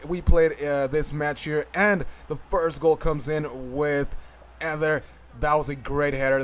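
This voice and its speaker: A man's voice: mid-range voice, slight background noise. A young man giving casual commentary over his football video game, rambling with lots of fillers and restarts. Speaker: gaming commentator.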